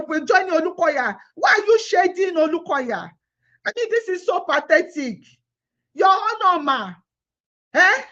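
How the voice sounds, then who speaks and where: Nigerian woman ranting, high pitched, muffled lo-fi audio, keeps asking why. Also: animated, normal speed, a bit bright. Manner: pleading, indignant, rhetorical questions. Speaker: activist vlogger. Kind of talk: impassioned monologue. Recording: dull lo-fi phone audio.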